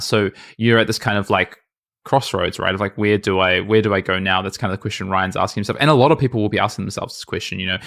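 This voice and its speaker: Fast, low-voiced man, late twenties, podcast co-host, chatty and self-mocking. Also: fairly bright tone. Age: late 20s. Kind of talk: casual podcast chat.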